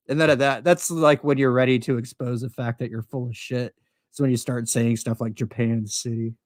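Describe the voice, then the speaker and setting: An American man with an average-pitched voice, chatting loosely on his podcast stream. He rambles, swears freely, and laughs at his own asides. The sound is dry and close, with no room echo. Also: steady tone, normal speed. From United States. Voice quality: profane, rambling, laughs often. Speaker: podcast host. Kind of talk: casual livestream chat.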